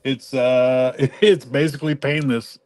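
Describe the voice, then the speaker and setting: A man's voice: mid-range voice, fairly even intonation, darkish tone. Stammering man in casual chat. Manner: halting, stammering storyteller.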